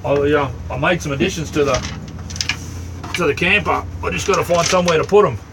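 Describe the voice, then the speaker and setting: A man's voice: on the high side, brisk. A middle-aged man with an Australian accent talks casually on a livestream, rambling and friendly with his viewers. He is in a small camper, and a faint hum sits behind his voice. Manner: easygoing, rambling, greets chatters by name. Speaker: livestream host. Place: inside a small truck camper.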